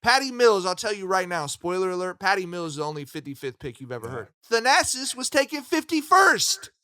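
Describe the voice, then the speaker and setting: A man's voice: high voice, big pitch swings, brisk, pushed and bright, no room sound, clean studio sound. A man in his thirties co-hosting a sports podcast, talking casually and emphatically with plenty of swearing. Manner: profane, emphatic, storytelling. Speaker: podcast co-host.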